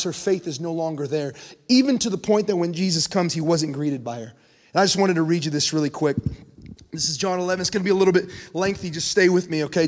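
A male pastor preaching a sermon, animated and joking as he tells stories and reads scripture aloud. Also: sits high. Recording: long reverb in a large hall.

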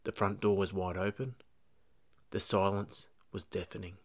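A man, a police dog handler, narrating his own true story in a measured, tense way. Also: sits low, steady tone.

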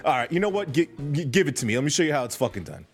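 Man playing a loud, swaggering ghost ex-con who bosses a clumsy robber around, with a lively, swooping voice. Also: a little high, rapid-fire, pitched below the performer's own voice. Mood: bossy. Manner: brash, profane, bossy lecturing. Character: gruff male ghost ex-con convenience store regular.

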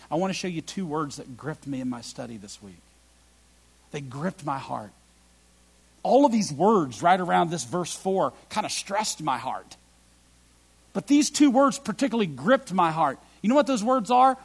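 In his sermon, a middle-aged pastor speaks at normal speed with big pitch swings and a creaky voice that has a breathy edge. He shifts between loud, emphatic outbursts and quiet, low, reflective moments.

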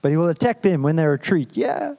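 Humorous pastor preaching. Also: male voice, fairly high pitch, very animated, fairly quick, warm tone. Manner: conversational, humorous preaching with asides. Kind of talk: sermon.

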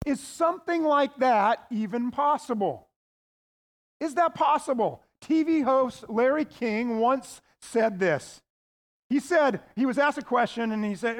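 A man with a very high voice preaching a sermon. He talks in a casual, folksy way and drops in playful asides to his congregation. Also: lively intonation, unhurried. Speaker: pastor.

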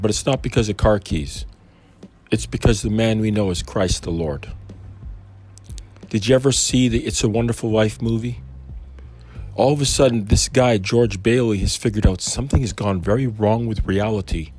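Husky man preaching in a rambling way. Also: on the low side, a little mellow. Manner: rambling, conversational asides. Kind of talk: informal preaching.

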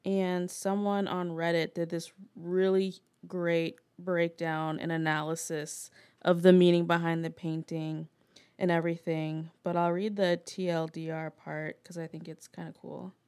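A woman co-hosting a casual podcast, talking in an unhurried, low-key way. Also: level tone, darkish tone, clear, resonant tone, dry recording. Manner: unhurried, low-key, mostly brief agreement. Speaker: podcast co-host.

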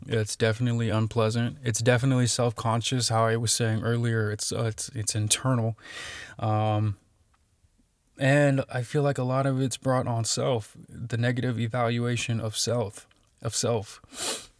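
A man's voice: medium pitch, level tone, normal speed, dry recording, clean studio sound. A man talking casually on his own, reading out definitions with many fillers and restarts.

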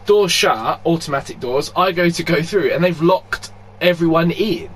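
A man telling a story in casual chat, animated, swearing freely and laughing often. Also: on the high side, moderate pace, a little hiss or hum.

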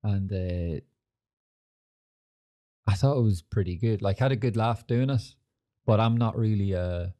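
Rambling, sweary young man, mellow voice. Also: on the low side, measured pace, pauses often. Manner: rambling and sweary, full of fillers. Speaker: podcast host. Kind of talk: casual chat.

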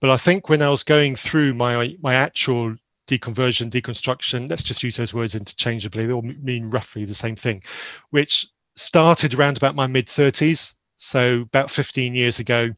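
A man's voice: mid-range voice, fairly even intonation, a bit bright, no echo. Earnest man recounting his past. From Zambia. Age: around 50. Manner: earnest, candid, halting with restarts. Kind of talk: reflective personal storytelling.

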